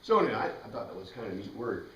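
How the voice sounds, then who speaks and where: A man's voice: lowish voice, very animated, racing, a bit bright. A man teaching a Bible class in a casual, rambling way, spelling out words letter by letter. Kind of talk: informal classroom lecture. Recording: roomy classroom heard from a distance.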